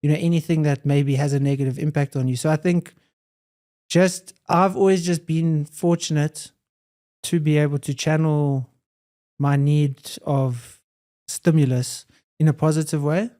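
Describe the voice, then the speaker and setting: A man's voice: on the high side, steady tone, measured pace, warm tone. A young adult man, a podcast guest, talking in an earnest, reflective way and often repeating phrases. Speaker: podcast guest, hybrid athlete. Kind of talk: casual conversation.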